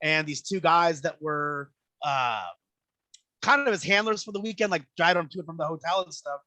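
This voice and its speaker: A man with a bright, slightly high voice tells a story with lively energy. He acts out the voices of the people in it. The sound is dry and close. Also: moderate pace, no room sound. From Southern Illinois. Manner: animated, acts out voices in anecdotes. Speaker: guest storyteller. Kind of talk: casual storytelling.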